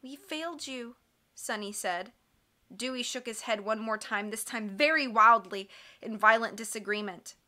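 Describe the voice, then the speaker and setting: A woman reading a book aloud as scripted narration, expressive and measured. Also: medium pitch. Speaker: audiobook reader.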